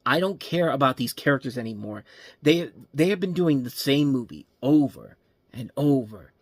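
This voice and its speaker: A man's voice: medium pitch, normal speed, no room sound. Ranting man reviewing movies, dry sound. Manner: ranting, animated, swears freely, mocks line readings. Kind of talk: casual ranked review commentary.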